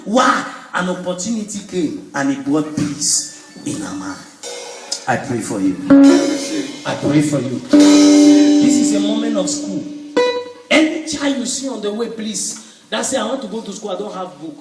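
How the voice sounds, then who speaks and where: A man, a pastor preaching a sermon with animated storytelling, sudden shouts and spoken sound effects. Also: high-pitched, moderate pace, recorded from a distance. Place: church. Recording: echoey church hall with music, crowd.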